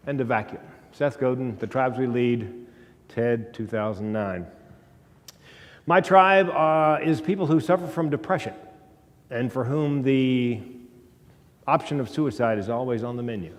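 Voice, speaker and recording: A male comedian giving a stage talk, telling a story with dramatic pauses and wry humor. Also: mid-range voice. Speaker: comedian and speaker. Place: stage in a large hall. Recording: hall reverb from stage talk.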